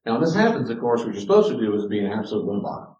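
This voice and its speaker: A man's voice: on the low side, very animated, rapid-fire, mellow. A man giving a casual teaching talk on parenting, talking conversationally and acting out bits of dialogue. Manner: conversational, acts out quoted dialogue. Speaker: speaker on parenting and character. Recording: roomy, distant, dull recording.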